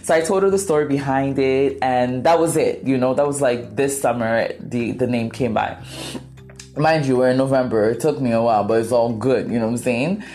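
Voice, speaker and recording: A woman hosting a podcast, telling a story in a casual, animated way and acting out quotes dramatically. Her first language is Cree. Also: rumbling low, a little fast, soft background music. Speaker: podcast host.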